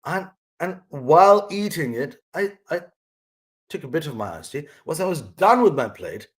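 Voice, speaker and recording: Fairly high-pitched and very animated, a man speaks at a moderate pace in a casual reflective monologue on his vlog. Earnest and rambling, he restarts often while passing on what his mother taught him.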